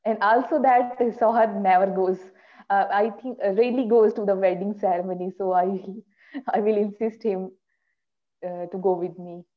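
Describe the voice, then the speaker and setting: A woman from Pakistan chatting as a workshop participant on a video call, speaking carefully with pauses. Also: mid-range voice, fairly even intonation. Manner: careful, pausing with fillers. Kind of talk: casual chat on a video call. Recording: tinny phone-like call audio.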